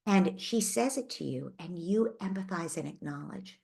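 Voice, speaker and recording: This parenting advice host has a mellow, mid-range voice with vocal fry, and she speaks animatedly at a normal speed with few pauses. Answering a parent's question, she coaches with empathy and reassurance, thinking out loud with small restarts.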